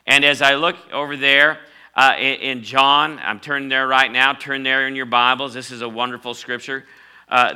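A middle-aged male pastor preaching a sermon, calling on the congregation to repeat words and swinging between loud declarations and hushed phrases. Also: medium pitch, clear, resonant tone. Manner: preaching with call-and-response prompts, swinging from loud to quiet.

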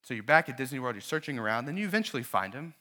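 A man, a pastor, preaching a sermon in a church and telling a story to his congregation, with lively questions to his listeners. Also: mid-range voice, racing.

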